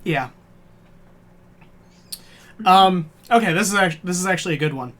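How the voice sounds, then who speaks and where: Low-pitched woman host for a relaxed tabletop stream, casual and a bit salty. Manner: casual, swears, reads prompts out slowly. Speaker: game master leading a character workshop.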